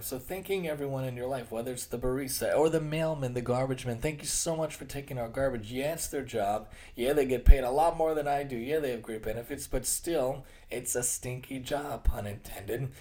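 An earnest man in his thirties hosts his own solo talk, speaking at a mid-range pitch. He keeps the tone casual and conversational. He often circles back to repeat and rephrase what he just said. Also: mellow. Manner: acts out quoted voices with shifts in tone. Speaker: occupational therapist and podcast host.

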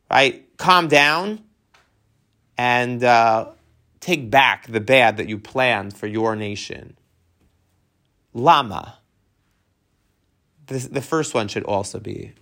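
A man teaching a text study class, animated and tossing rhetorical questions to his students. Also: medium pitch.

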